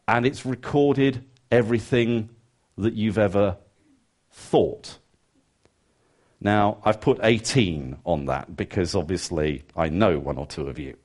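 A man preaching a sermon, moving from emphatic rising questions to quiet, earnest asides and acting out his listeners' thoughts. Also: fairly low pitch, unhurried, pauses often. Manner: conversational, acts out listeners' thoughts.

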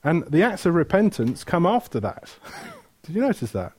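A man's voice: fairly high pitch, very animated, normal speed, a little mellow, husky. A man preaching a sermon, retelling stories with energy, asking the room questions and correcting himself mid-flow.

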